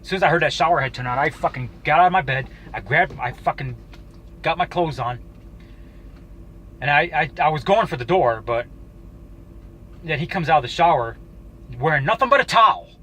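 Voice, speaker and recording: A man telling a personal story to camera in a casual, halting way, swearing often and restarting his sentences. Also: on the high side, animated, a bit bright, slight background noise, poor audio. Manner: profane, halting, with frequent restarts. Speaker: YouTuber.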